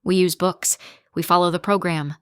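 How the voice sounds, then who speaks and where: A woman's voice: on the low side, steady tone, a bit bright, clear, resonant tone, no room sound, clean studio sound, close to an everyday voice. Woman reading as a stern male school principal. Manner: firm, measured, few words.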